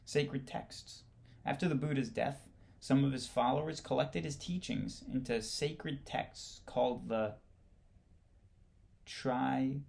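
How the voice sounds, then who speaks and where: A male instructor reads a history textbook aloud at a slow, unhurried pace. His voice has a gravelly fry, and he stumbles over words and goes back to reread them. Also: medium pitch, darkish tone.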